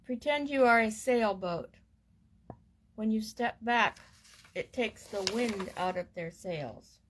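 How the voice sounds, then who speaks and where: A woman reading a parenting course book aloud in a gentle, measured and soothing way. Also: fairly high pitch, slight background noise. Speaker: reader of a parenting course text.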